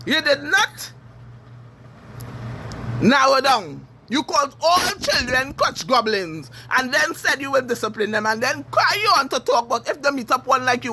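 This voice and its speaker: A Trinidadian woman giving a heated, cursing social media rant, furious and shouting at times. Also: high-pitched, a little hiss or hum. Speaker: TikTok commenter.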